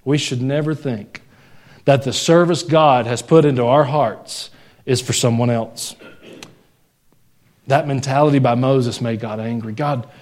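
A man's voice: a little slow, a little mellow. A young adult man preaching a sermon, joking with the congregation and raising his voice to stress points. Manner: conversational, jokes and laughs with the congregation; rises in pitch and volume when stressing a point. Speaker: pastor.

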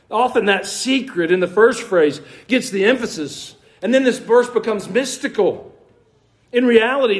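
A man's voice: high voice, low-quality recording. A man preaching a conversational sermon in a church, asking his congregation questions and putting on mock voices with wry asides. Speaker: pastor. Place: church sanctuary.

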